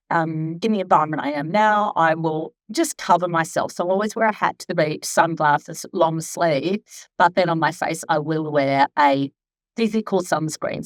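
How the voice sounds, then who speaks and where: A woman's voice: lowish voice, no echo. A chatty woman in her fifties, a skin therapist talking casually at a live event, rambling with many asides. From Australia. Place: clinic event room.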